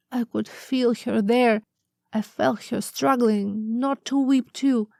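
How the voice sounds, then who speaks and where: Slow, emotional woman narrating a memoir. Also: sits high, a little mellow, no room sound, studio quality. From Russia. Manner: slow, intimate, emotional reading. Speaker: author narrating her own memoir. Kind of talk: audiobook narration.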